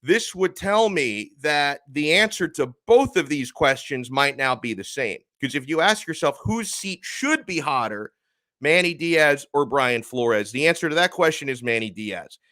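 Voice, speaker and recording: A man's voice: on the high side, lively intonation, unhurried, sharp tone, no echo. A man hosting a live sports talk stream, speaking emphatically and reading out chat comments as he goes.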